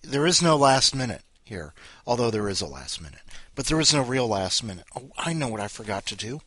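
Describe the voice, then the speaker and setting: A man's voice: mid-range voice, sing-song, a little fast, fairly bright tone. A man hosting a podcast, rambling and joking in casual chat. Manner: rambling, jokey. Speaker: podcast host.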